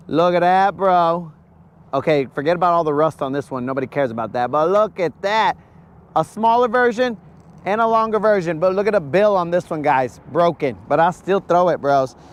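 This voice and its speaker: A man hosting a casual fishing livestream from a boat on a lake, hyped and slangy, talking straight to his viewers. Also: high-pitched.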